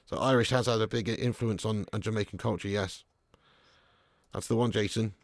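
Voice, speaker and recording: A man from England hosting a live football watch-along, chatting casually and reading viewer comments, with sudden excited bursts. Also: on the low side, normal speed, creaky, no room sound, studio quality. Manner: chatty, laddish, swings from mumbling to excited bursts.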